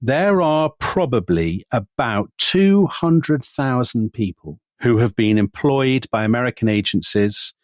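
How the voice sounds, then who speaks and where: A man co-hosting a podcast, telling history in a lively conversational way and dropping his voice to quote people. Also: measured pace, few pauses, dry recording, studio quality. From Britain. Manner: animated, quotes figures in lowered voice. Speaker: podcast co-host.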